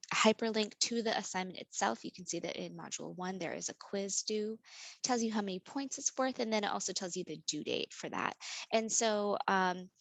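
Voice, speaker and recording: A woman instructor walking students through an online course in a relaxed, filler-heavy way over a video call. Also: fairly low pitch, creaky, no room sound, low-quality recording. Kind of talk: online course orientation walkthrough.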